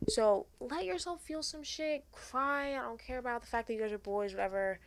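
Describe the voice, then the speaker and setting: A woman's voice: a little high, moderate pace, few pauses, a little hiss or hum. A young woman hosting a podcast, giving frank, earnest advice in casual chat and swearing freely. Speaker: podcast host.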